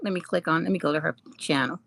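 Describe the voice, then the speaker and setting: A woman's voice: sits low, fast talker, creaky, a bit bright, slight background noise. A woman hosting a casual live chat, reading comments aloud, teasing her viewers and laughing often. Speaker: livestream host.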